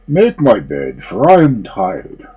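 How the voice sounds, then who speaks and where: A man voicing a huge, gruff, suspicious male ogre in a storybook reading. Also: lowish voice, wildly swooping pitch, takes it slowly, mellow, highs cut off, voice pushed down, full character voice.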